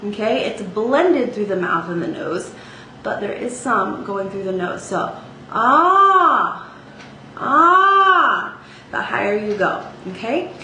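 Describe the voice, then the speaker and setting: A woman's voice: medium pitch, moderate pace. A woman teaching a singing lesson, speaking casually with sung demonstrations and frequent "okay?" check-ins. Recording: echoey room with faint ambient noise.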